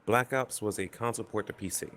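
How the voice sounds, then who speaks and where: A man's voice: on the low side, fast talker, a bit bright, slight background noise. A man explaining his opinions on games in a casual round-table chat. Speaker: panelist.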